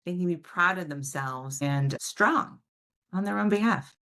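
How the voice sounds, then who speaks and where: A woman giving a casual talk on a video call, answering parents' questions and telling stories with warm, animated emphasis. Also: lowish voice, unhurried. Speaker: parent educator, guest speaker.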